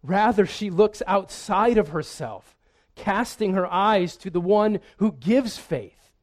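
Male pastor, sermon, earnest, repeats words, slow and measured, somewhat high voice. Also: lively intonation.

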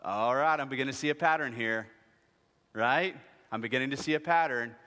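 A man in his thirties preaching a sermon, lively and joking, acting out voices as he speaks. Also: mid-range voice, fairly quick. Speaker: pastor. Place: church sanctuary. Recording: long hall reverb.

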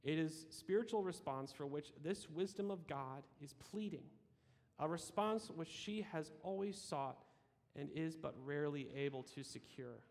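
A man's voice: on the high side, measured pace, gravelly. A man giving a sermon, reading scripture aloud and adding casual asides, with frequent restarts. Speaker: preacher. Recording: long hall reverb.

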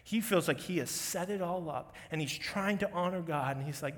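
Pastor in a reverberant hall. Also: male voice, a little high, normal speed. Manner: conversational storyteller acting out quotes. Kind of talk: sermon.

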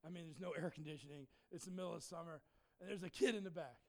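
High-voiced joking preacher man. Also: fast talker. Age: middle-aged or older. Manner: folksy, joking, bursts into shouting. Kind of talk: sermon storytelling. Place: church in front of a congregation.

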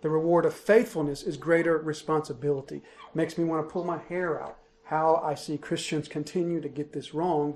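A man's voice: a little high, a little mellow, slight background noise. A man preaching an expository sermon, emphatic and driving home key points by repeating them. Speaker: pastor.

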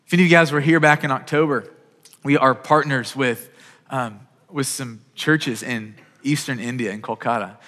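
A man's voice: medium pitch, moderate pace, pushed and bright, in a large hall. A man preaching a sermon as pastor, earnest and urgent, often repeating words as he starts a phrase.

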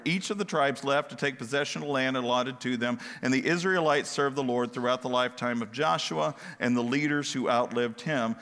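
A man's voice: fairly high pitch, a bit bright. A man preaching a sermon in a conversational way, asking his listeners questions and wandering into digressions. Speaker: pastor. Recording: long hall reverb.

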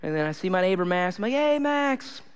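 Male pastor, sermon delivery, high and clear voice, lively storyteller who repeats for emphasis. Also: rapid-fire.

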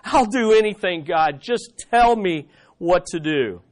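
Picture a frantic man clinging to a branch over a drop, crying out and begging in a raised, strained voice, as a preacher puts him on. His pitch climbs high and loud as he pleads for rescue, and he sounds right on the edge of losing his grip. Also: expressive, a little slow. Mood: pleading. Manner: panicked pleading shouts. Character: desperate man hanging from a cliff.

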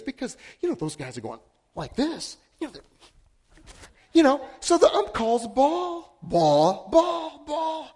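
Pastor guy, middle aged, high voice, goes loud then quiet, pokes fun at himself. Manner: animated, self-deprecating, swings between loud and hushed. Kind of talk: sermon with personal storytelling.

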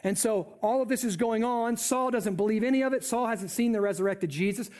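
A man preaching a sermon in an animated, conversational way. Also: high-pitched, brisk.

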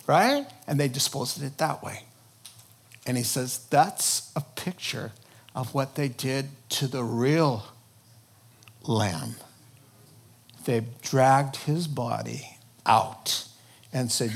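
A pastor giving an impassioned sermon, jumping between loud bursts and hushed lines and acting out quotes. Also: male voice, a little high, measured pace, slightly rough.

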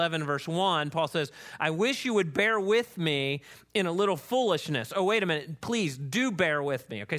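A man delivers a sermon as pastor with a high, bright, ringing voice. He talks to the congregation in an emphatic, conversational way, tossing in quick asides. His pitch climbs when he reads scripture aloud. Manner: animated, emphatic preaching with frequent "right?" asides.

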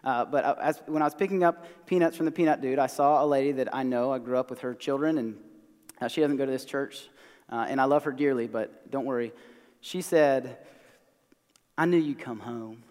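Hoarse male preacher, Southern American accent, conversational and self-deprecating, mid-range pitch, long reverb. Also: fairly even intonation, brisk, darkish tone. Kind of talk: sermon. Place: church sanctuary.

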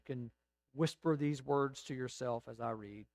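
A man preaching a sermon as pastor, rising to emphatic swells and dropping to slow, quiet reflection. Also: medium pitch, creaky, no room sound.

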